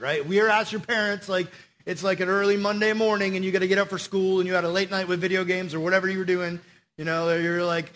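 A man preaching a casual sermon to young people, slangy and animated as he tells the story. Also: high voice.

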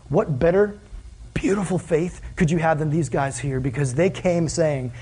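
A man's voice: fairly high pitch, moderate pace, warm tone, slight background noise. A man preaching a sermon as pastor, casual and conversational, asking the listeners many questions.

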